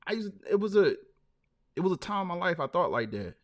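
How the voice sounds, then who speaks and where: A man's voice: high-pitched, sing-song, brisk. A man hosting a live stream, telling stories loosely and dropping "man" and "like" between phrases. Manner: loose, storytelling, lots of fillers like "man". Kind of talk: casual live-stream chat.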